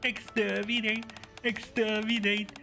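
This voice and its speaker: A woman voicing cold robotic android soldiers with slow, clipped, mechanical chanting. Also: mid-range voice, level tone, bright, forceful tone, faint music behind. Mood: menacing.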